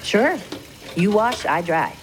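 A brisk, teasing mom. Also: female voice, mid-range voice, big pitch swings, background noise. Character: brisk, warm mother of a teenager. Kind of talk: scripted audio drama.

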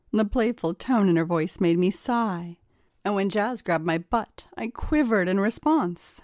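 A woman narrating an erotic story in a slow, measured storytelling manner. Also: mid-range voice, lively intonation, a little mellow, no room sound, studio quality.

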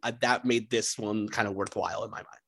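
A man's voice: fairly low pitch, fairly even intonation, fairly quick, creaky, fairly bright tone. A man talking as a podcast guest, rambling with many fillers and restarts. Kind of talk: casual chat.

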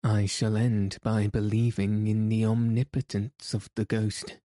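A man voicing an exasperated middle-aged male theatre manager, cold and accusing in a measured way. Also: lowish voice, level tone, warm tone, no echo, studio quality, close to an everyday voice. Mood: uneasy.

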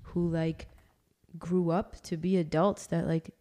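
A woman's voice: lowish voice, flat delivery, takes it slowly, warm tone. A woman in a casual group chat, talking in a blunt, chatty way.

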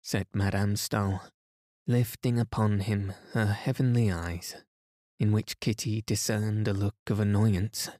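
A man narrates a classic novel for sleep, soft and unhurried. His voice sits low and mellow, and the recording is close and dry, with no room around it. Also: no echo. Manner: slow, soothing, even reading. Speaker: sleep podcast host. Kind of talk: calm bedtime audiobook narration.

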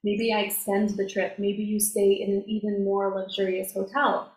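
A woman success coach talking in a casual, animated way, full of fillers and acted-out quotes. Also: medium pitch, moderate pace. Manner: animated, filler-heavy, acts out quoted voices. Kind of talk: casual conversational interview. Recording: roomy echo, faint noise.

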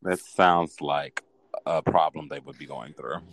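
A man chatting casually with a co-host, playing a guessing game, playful and animated, his voice jumping high when he teases. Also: a little slow.

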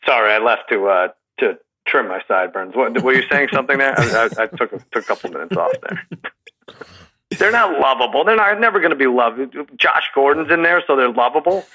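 A man's voice: mid-range voice, animated, a little fast, bright, forceful tone, poor audio. A man co-hosting a sports podcast, teasing with dry sarcasm in casual chat. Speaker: podcast co-host.

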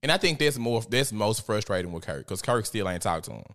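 A man's voice: fairly low pitch, expressive, brisk, a bit bright. Profane, gossipy male commentator. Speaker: commentary host. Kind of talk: casual commentary.

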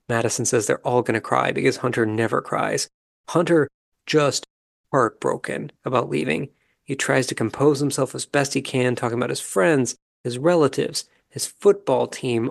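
Man, podcast host, calm and measured, casual commentary, gravelly, medium pitch. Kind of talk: casual commentary recapping a reality show.

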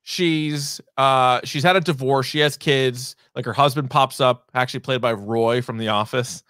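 With a medium pitch and fairly even intonation, a man co-hosts a podcast at a moderate pace, rambling about entertainment news and swearing now and then. His tone is fairly bright, and the recording is dry and clean, studio quality.

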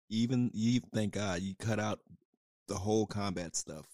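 A man's voice: lowish voice, normal speed, darkish tone, no room sound, clean studio sound. A man co-hosting a podcast in casual chat, easygoing and reassuring. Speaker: podcast co-host.

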